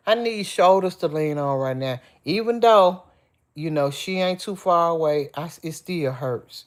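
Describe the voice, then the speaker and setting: A middle-aged woman on a livestream, speaking softly and emotionally as she vents and chats with her viewers, calling them y'all and reading out their comments. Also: sits low. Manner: soft, tearful and emotional, venting; chatty, addressing viewers as y'all. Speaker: vlogger on a livestream. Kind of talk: casual live-stream chat, reading out comments.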